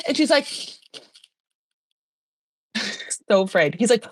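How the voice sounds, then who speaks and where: Recapping a reality show for her podcast, this woman talks a little fast and pauses often in a mid-range voice. Her casual pop culture chat is gossipy and packed with "like", captured in studio quality with no echo.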